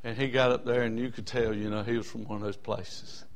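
A man, telling a story in a sermon in a folksy, animated way, with bursts of whooping. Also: mid-range voice, a little fast. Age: 60s.

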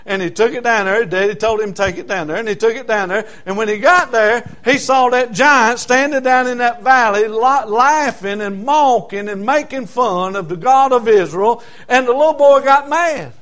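A man's voice: high voice, moderate pace, few pauses, a bit bright. A man with a Southern US accent preaching a folksy, fervent sermon, retelling a Bible story. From South Carolina.

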